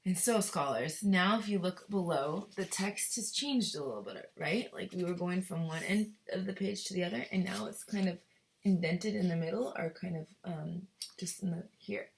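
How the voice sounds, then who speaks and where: A woman teacher reads a chapter book aloud to young students in a fairly low voice. She is expressive and stops often to pose questions to the class. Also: gravelly. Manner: expressive, pauses to ask questions. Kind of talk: reading a novel aloud to children.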